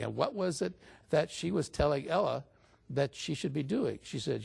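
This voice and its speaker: A man's voice: medium pitch, normal speed, gravelly, a little mellow, breathy edge. A man as an interview guest, telling a story in a casual way and lifting his voice when he quotes other people. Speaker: interview guest recounting stories.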